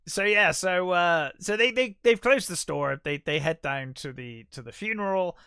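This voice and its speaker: A man's voice: high voice, lively intonation, normal speed, pushed and bright, clean tone, no room sound, studio quality. A man co-hosting a podcast, casually retelling film scenes in a chatty way with lots of fillers and laughs. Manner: retells scenes in quoted voices, laughs often, many fillers. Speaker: podcast co-host. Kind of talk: casual film review chat.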